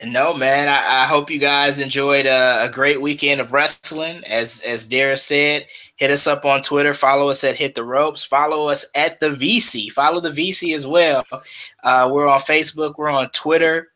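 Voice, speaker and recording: A man's voice: fairly high pitch, steady tone, normal speed, pushed and bright. A man co-hosting a wrestling radio show, talking casually and boasting emphatically. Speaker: podcast co-host.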